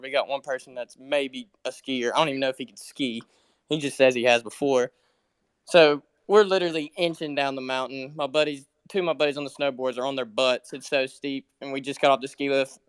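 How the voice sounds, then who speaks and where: Animated man with a smooth voice. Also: medium pitch, dry recording. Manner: animated, laughing. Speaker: friend sharing a memory. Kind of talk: casual storytelling.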